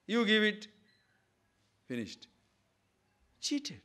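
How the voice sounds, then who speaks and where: A man's voice: sits high, slow pace, pauses often. A man, a spiritual teacher giving an emphatic discourse on scripture and posing frequent rhetorical questions.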